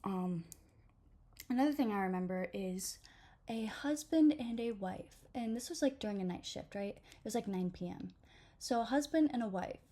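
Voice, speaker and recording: A young woman telling a storytime vlog in a casual, profane, sarcastic rant, full of "like" and "um". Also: medium pitch. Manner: profane, animated and sarcastic, lots of fillers like "like" and "um". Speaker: vlogger.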